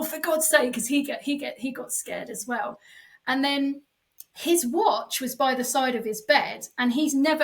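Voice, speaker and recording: Animated woman medium, slightly off-mic. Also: a little high, distant mic, low-quality recording. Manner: animated, acts out quoted voices, many fillers. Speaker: guest, psychic medium. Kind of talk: casual storytelling in a podcast chat.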